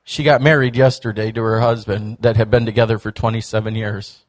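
A man's voice: on the low side, brisk. A man preaching a sermon in a church, telling stories and acting out quoted voices. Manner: storytelling, animated, acts out quoted voices. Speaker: pastor.

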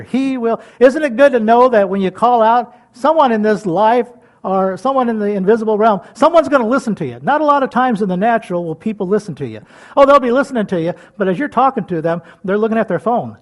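An older man preaching a sermon in a folksy way, chuckling often and swinging between loud calls and soft whispers. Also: high voice, animated, fast. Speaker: pastor.

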